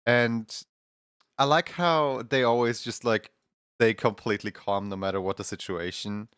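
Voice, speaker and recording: A man's voice: on the low side, fairly even intonation, moderate pace, a bit bright, smooth, no echo. Dry-voiced man streamer rambling through a story. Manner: rambling, chuckling storyteller with many fillers. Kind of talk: casual chat, retelling funny skits.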